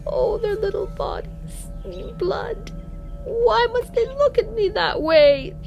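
A woman voicing a tormented woman haunted by her dead children, snarling low whispers and breaking into shrill, sobbing wails. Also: lively intonation, slow, gravelly, darkish tone, highs cut off, heavily acted. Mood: shrieking. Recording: music playing underneath.

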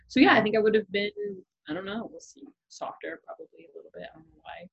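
A woman with a breathy, husky voice hosts a relaxed conversation, asking soft and curious questions. The audio is a little dull and muffled. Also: low voice, fast talker, few pauses. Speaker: podcast host. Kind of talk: casual conversation.

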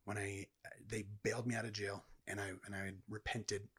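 A man's voice: fairly low pitch, flat delivery, brisk, a bit bright, breathy edge. A man earnestly telling his personal testimony as a guest in a conversation. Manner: earnest, reflective storytelling.

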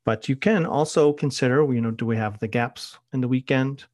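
A man's voice: medium pitch, brisk, darkish tone, no room sound. Man, middle-aged, podcast host, casual anecdotal talk, dry close sound. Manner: conversational, anecdotal storytelling.

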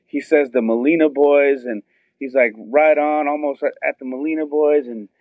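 A middle-aged man excitedly telling a long story and acting out what everyone said, heard over a phone line. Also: fairly high pitch, moderate pace, dry recording. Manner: excited, tells it with many quoted voices. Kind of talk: animated storytelling on a phone call. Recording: tinny phone line, dry.

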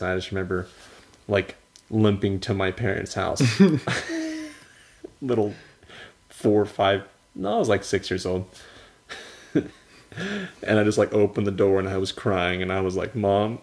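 A man's voice: low-pitched, normal speed, long pauses. A young man co-hosting a podcast, telling stories in casual chat and laughing often. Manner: animated storyteller, laughs often. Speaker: podcast co-host.

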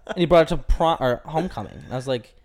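A man's voice: on the high side, fast talker, darkish tone. A young man telling a long personal story in casual chat, heavy on filler words, acting out what people said. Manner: rambling, lots of "like" fillers, acts out quotes.

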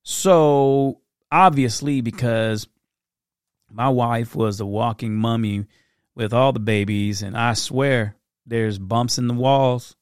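A man's voice: mid-range voice, clear, resonant tone, no room sound. Middle-aged guy rambling about parenting, jumps into silly voices, dry close sound. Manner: animated storytelling with impressions and laughs. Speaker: parent giving advice. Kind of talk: casual monologue.

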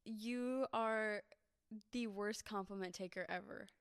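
A woman's voice: mid-range voice, fairly even intonation, takes it slowly, clean tone. A young woman co-hosting a casual podcast chat, teasing her friend in a chatty way and acting out quoted lines. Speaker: podcast co-host.

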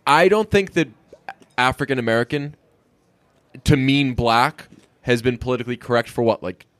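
A man's voice: mid-range voice, normal speed, a bit bright, no echo. Jokey rambling man, dry close mic. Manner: jokey, rambling, reads headlines aloud. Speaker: podcast co-host. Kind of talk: casual chat.

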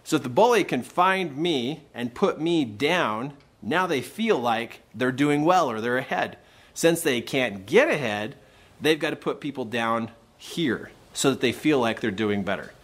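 Animated, lively man giving motivational advice. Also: mid-range voice, unhurried. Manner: animated storyteller acting out quoted voices. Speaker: podcast host and coach. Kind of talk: motivational talk. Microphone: podcast microphone.

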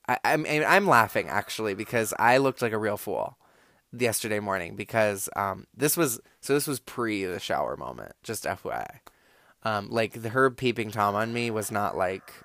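A man's voice: fairly low pitch, fairly bright tone, no echo. A young man telling a casual, rambling story, full of "like" and swearing. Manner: rambling, filler-heavy, profane, lots of "like".

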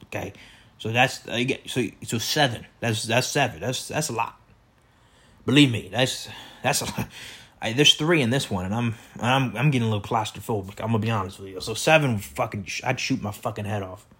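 A man's voice: lowish voice, brisk, fairly bright tone, slightly rough. A man hosting a podcast, telling rambling, profane stories about his neighbors in a casual, meandering way with lots of fillers and restarts. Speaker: podcast host.

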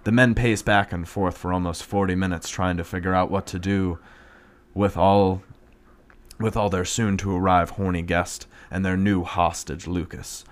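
A man's voice: low-pitched, steady tone, moderate pace. A man narrating a crude comedic story in a blunt, profane, matter-of-fact way.

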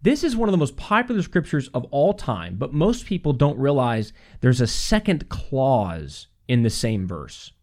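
Male podcast host, sermon-style delivery, very animated pitch, reads verses slowly, frequent laughs. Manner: animated, laughs often, repeats phrases for emphasis; reads scripture aloud slowly. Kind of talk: preaching-style podcast talk.

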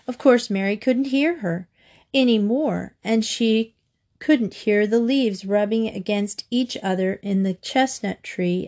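A woman reading a children's storybook aloud with expressive, lively delivery. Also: medium pitch. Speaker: narrator.

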